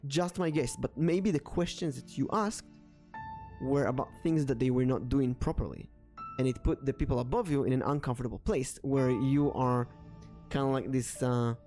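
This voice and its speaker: A man hosting a stream, telling a rambling story and then reading tarot cards in a casual, slightly halting manner, with frequent fillers. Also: mid-range voice. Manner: rambling, animated when acting out dialogue. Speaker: tarot reader and streamer host. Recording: soft background music under the voice.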